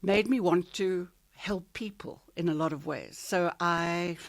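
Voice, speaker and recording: An older woman from South Africa's Eastern Cape, a veteran radio presenter, telling stories from her life in a relaxed interview. She speaks with a polished, theatrical delivery and laughs often. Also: fairly low pitch, slow pace, vocal fry. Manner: warm storyteller who laughs often. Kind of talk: reminiscing interview chat.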